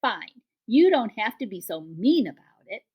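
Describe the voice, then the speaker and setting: A woman's voice: on the high side, sing-song, unhurried, breathy edge, dull audio, full character voice. Lady doing a sulky whiny boy bear, copies his sister. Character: whiny young male bear, tagalong bully.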